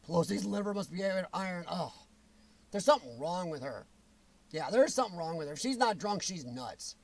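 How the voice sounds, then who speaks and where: A man with a high-pitched voice hosts a livestream talk show. He rants bluntly and answers viewer comments. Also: expressive, normal speed, creaky. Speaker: show host reading chat.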